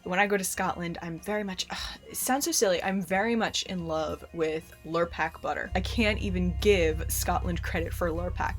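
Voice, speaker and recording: A woman vlogger chatting casually to camera in a friendly way, speaking directly to her viewers. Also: on the low side.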